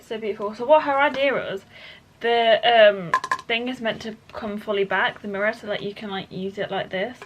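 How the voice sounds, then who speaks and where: A young woman, chatting in an excitable, gushing way in a casual vlog. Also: mid-range voice. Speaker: vlogger. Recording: faint background noise.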